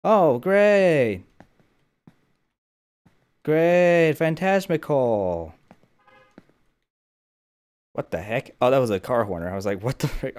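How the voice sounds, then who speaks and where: A man's voice: medium pitch, animated, slow, pauses often, darkish tone. A young man hosting a gaming channel, wearing headphones and talking to himself with jokey running commentary as he plays. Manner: jokey running self-talk. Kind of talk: gameplay commentary. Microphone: headphones with mic.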